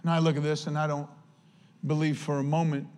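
A man's voice: a little high, level tone, a little fast, darkish tone, smooth. A male pastor preaching a sermon in an earnest, conversational way, often speaking straight to the church.

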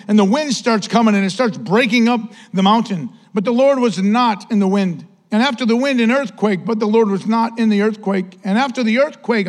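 High-voiced preaching pastor. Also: male voice. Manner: emphatic, repetitive preaching, drops to a soft hush. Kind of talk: sermon.

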